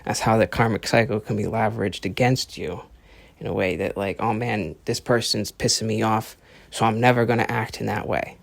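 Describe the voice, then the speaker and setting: With a lowish, creaky voice and fairly even intonation, a man talks at a moderate pace on his own podcast. It's a rambling, profane solo monologue where he acts out quoted voices, recorded without echo.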